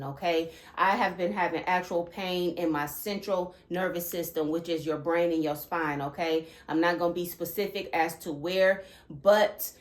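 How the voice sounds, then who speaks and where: A woman hosting her own channel, talking earnestly about spiritual experiences and often checking in with listeners by asking "okay?". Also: lowish voice. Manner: animated and emphatic when recounting disturbing thoughts. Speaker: channel host. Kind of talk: earnest spiritual vlog talk.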